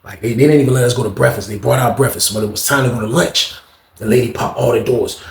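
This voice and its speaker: Animated slangy man in roomy echo. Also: mid-range voice, fast, creaky. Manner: slangy and animated, acting out quoted dialogue. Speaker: storyteller. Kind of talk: casual storytime.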